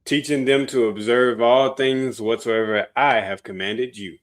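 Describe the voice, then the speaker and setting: A man reading Bible verses aloud in a plain, steady way during a sermon. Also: mid-range voice, measured pace. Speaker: scripture reader.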